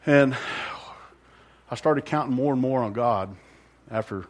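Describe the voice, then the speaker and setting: A man telling his personal testimony in a loose, rambling way, with a middling pitch and a plain everyday voice. He pokes fun at himself, laughs along the way and acts out what he was thinking back then. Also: unhurried. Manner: rambling, self-deprecating, with frequent laughs; acts out his own inner thoughts. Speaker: church member giving a testimony.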